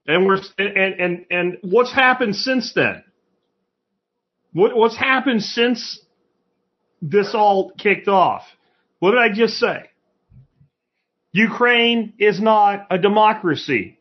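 A man's voice: high-pitched, muffled recording. Blunt, profane male podcast host. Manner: blunt, profane and sarcastic, with rapid rhetorical questions. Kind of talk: political commentary monologue.

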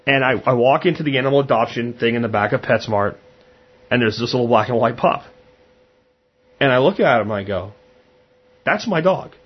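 A man's voice: mid-range voice, slightly rough. Guy doing a podcast, blunt and chatty, kinda dull lo-fi sound. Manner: blunt, conversational, acts out his own quotes. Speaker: podcast host. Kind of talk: casual monologue.

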